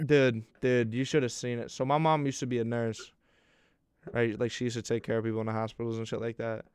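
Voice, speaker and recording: A young man co-hosting a podcast, telling an animated, profane story in casual chat and laughing along as he goes. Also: medium pitch, fairly quick, clear, resonant tone, no room sound, clean studio sound. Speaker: podcast co-host.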